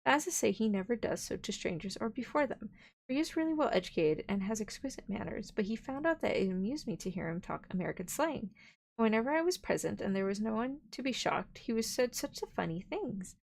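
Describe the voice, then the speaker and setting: A woman streamer reads a classic novel aloud in a gravelly voice at an ordinary pitch. She keeps slipping into playful, giggly asides between passages. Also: sing-song, fairly quick. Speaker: vtuber streamer.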